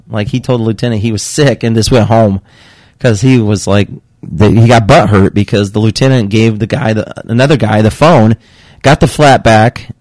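Profane, animated man telling a story. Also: fairly low pitch, no room sound, studio quality. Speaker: podcast guest telling a work story. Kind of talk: casual chat.

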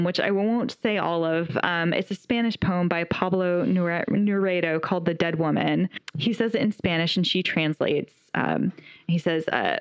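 A woman's voice: mid-range voice, no room sound. Gushing woman with a muffled, dry sound. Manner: enthusiastic, animated retelling with frequent laughter. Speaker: podcast co-host reviewing a film. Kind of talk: casual chat. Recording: dull, dry lo-fi recording.

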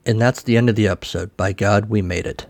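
A man's voice: on the low side, quick pace, a little hiss or hum. A man hosting a podcast, recapping a cartoon special in a casual way with wry, sarcastic asides. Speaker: podcast host.

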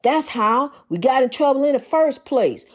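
A woman's voice: high voice, lively intonation, moderate pace. A woman preaching an informal sermon in rhythmic, repeated refrains, folksy and calling her listeners honey.

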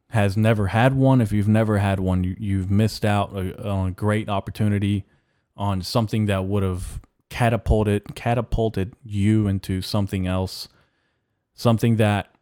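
A young man hosting a solo podcast, giving a halting, mock-mournful rant full of restarts. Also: lowish voice, a little mellow, no room sound, studio quality. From Mexican-American. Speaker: podcast host. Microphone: podcast mic.

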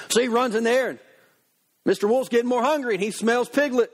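A male pastor preaches with lively, conversational storytelling and speaks straight to his listeners. His voice sits high for a man. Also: fairly quick. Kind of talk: sermon.

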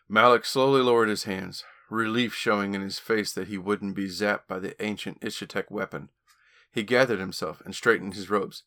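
Low-voiced man reading his own novel. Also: normal speed. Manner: steady storytelling with occasional stumbles. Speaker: author and podcast host.

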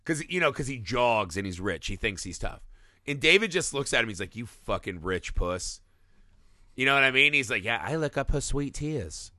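A man's voice: medium pitch, brisk, dry recording, clean studio sound. A man co-hosting a podcast, reviewing a movie in casual comedic chat, swearing often and acting out the characters' lines. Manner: profane, animated, acts out characters' lines. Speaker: podcast co-host.

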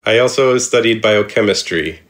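A middle-aged man with a very low voice answers interview questions from his home office. He speaks hesitantly, filling pauses with ums and restarting his sentences as he thinks. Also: fairly bright tone. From Indianapolis. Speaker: psychiatrist and composer guest.

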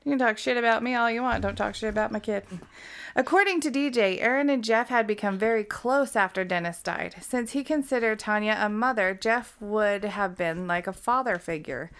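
A woman's voice: fairly high pitch, normal speed, a bit bright, smooth. A young adult woman from Utah co-hosting a casual true crime podcast, blunt and swearing, laughing often. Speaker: podcast co-host.

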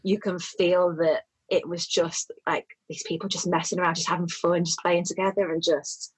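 Woman on a podcast, a bit husky, lowish voice, earnest, kinda hunting for words. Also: level tone, normal speed, low-quality recording. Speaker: podcast guest, saxophone player. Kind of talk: casual chat.

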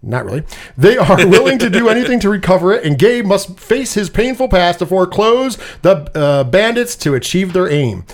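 A man's voice: high voice, sing-song, moderate pace. A man co-hosting a casual movie review podcast, chatty and rambling, often laughing at his own jokes. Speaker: podcast co-host.

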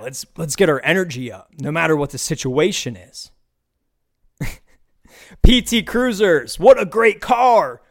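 Young man, podcast host, fairly high voice, profane comedic rant, animated bursts. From United States. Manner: animated, profane, ranting with quick bursts of enthusiasm. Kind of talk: casual comedic monologue.

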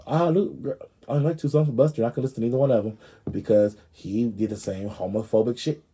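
A man's voice: on the low side, steady tone, quick pace, mellow, slightly rough. A man hosting a show, giving brash, profane, gossipy commentary in a sassy comic style. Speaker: show host.

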